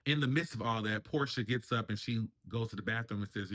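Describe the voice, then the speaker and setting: A man's voice: on the low side, a little fast, fairly bright tone. A man hosting a casual reality TV review, chatting and acting out the cast members' lines in raised voices. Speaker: reality TV commentary host.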